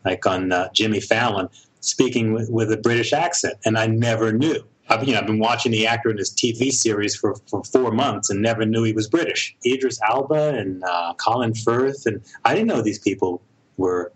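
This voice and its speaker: A middle-aged American man, a director and producer, talks thoughtfully in a casual interview, often pausing and restarting his sentences. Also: fairly low pitch, breathy edge, rough recording. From United States. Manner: thoughtful, halting, with frequent restarts.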